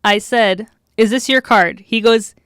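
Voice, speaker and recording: A woman's voice: a little high, a little slow, a bit bright, clean tone, dry recording, clean studio sound. A young woman co-hosting a casual podcast, telling stories with lots of giggling. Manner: giggly storytelling, laughs a lot. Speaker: podcast co-host. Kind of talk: casual chat.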